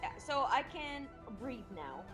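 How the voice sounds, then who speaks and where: A woman playing a tabletop game over an online call, swearing freely and laughing in quick back-and-forth. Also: sits high, very animated, over music. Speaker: player. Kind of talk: casual tabletop game chat.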